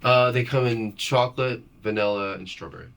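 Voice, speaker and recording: A man from New York, a musician, chatting as a guest on a comedy interview show in a relaxed, playful way. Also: medium pitch, normal speed, gravelly. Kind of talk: casual comedic chat.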